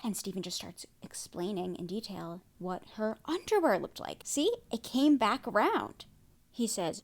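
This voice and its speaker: A woman hosting a podcast, recapping a TV episode in casual chat, reacting excitedly with lots of fillers. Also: medium pitch, unhurried. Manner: excitable, reacts loudly with gasps and exclamations; chatty, many "like" and "um" fillers. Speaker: podcast host.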